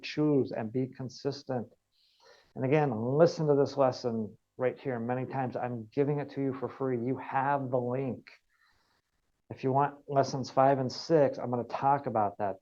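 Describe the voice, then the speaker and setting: A man's voice: mid-range voice, mellow, muffled recording. A man giving an online wellness training, earnest and repeating key points for emphasis. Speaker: wellness coach.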